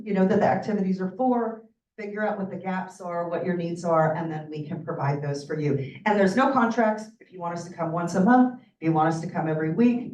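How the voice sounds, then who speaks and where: A woman's voice: on the low side, a little mellow. A woman presenting her company's services to a community audience and fielding questions in a friendly way. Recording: echoey room from far off.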